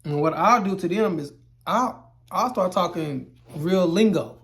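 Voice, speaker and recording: A man's voice: high voice, unhurried, a bit bright. A man teaching welding terms in a casual explainer video, loose and rambling, repeating himself, with playful exaggerated asides. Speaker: welding instructor.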